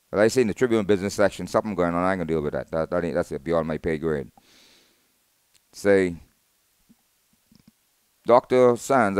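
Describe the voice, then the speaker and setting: A middle-aged Bahamian man hosting a talk show, delivering an opinionated monologue that swings from low asides to loud outbursts. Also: clean tone, no room sound.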